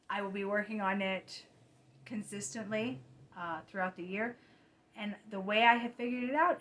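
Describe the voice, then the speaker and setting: Chatting about cross-stitch at home late at night, a woman speaks at medium pitch and normal speed, pausing often. She sounds tired and relaxed, frequently fixing her own words and murmuring soft asides, with a little background noise.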